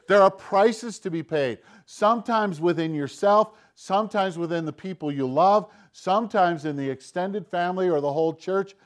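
A man preaching a sermon, swinging between loud, emphatic lines and hushed, low asides, sometimes acting out the tempter's voice in quotes. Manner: acts out Satan's voice in quoted lines. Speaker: pastor.

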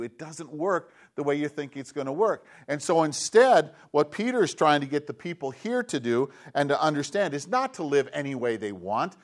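A man preaching a sermon in an earnest, conversational way, moving between teaching and everyday stories. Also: fairly high pitch.

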